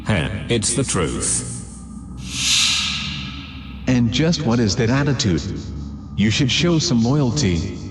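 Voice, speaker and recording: A man's voice: mid-range voice, big pitch swings, slow pace, pauses often, over loud music. A man voicing a cold, contemptuous council of shadowy male elders in a fan dub, with a reverb effect on the voices. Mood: scornful. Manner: contemptuous, menacing.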